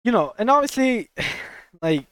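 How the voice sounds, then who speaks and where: Animated young woman telling a story. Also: a little high, unhurried, clean tone, no room sound, studio quality. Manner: animated, swears, acts out voices in her story. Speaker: podcast co-host. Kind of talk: casual storytelling.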